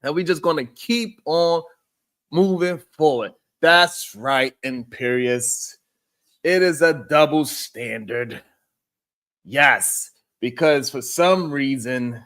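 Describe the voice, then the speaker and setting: A man's voice: a little high, a bit bright. A man hosting a casual live stream, greeting chat viewers by name and arguing his point in a loose, rambling way. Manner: conversational, repeats himself as he rambles.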